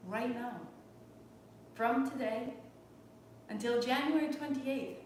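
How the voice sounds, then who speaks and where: A woman in her forties teaching a live online yoga class from home, speaking in a gentle, reflective and heartfelt way. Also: a little high, normal speed, slight background noise. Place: home room. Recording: echoey room, distant mic.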